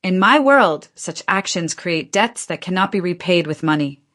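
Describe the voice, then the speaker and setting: A woman voicing a dignified seventy-year-old mother who speaks calmly, steadily and firmly. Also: on the low side. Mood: solemn. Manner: calm, measured, firm.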